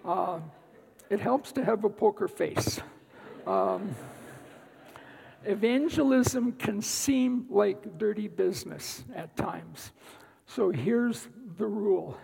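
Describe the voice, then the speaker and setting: A man giving a guest talk at church, telling a personal story in an unhurried way with dry asides. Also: high-pitched, vocal fry, darkish tone, slightly rough, long reverb tail, poor audio. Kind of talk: sermon-style personal testimony. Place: church sanctuary.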